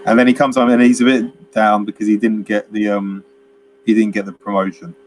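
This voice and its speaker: A man's voice: fairly low pitch, level tone, brisk, slight background noise. A man co-hosting a casual film chat, rambling through scenes, laughing often and acting out bits of dialogue. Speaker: film podcast co-host.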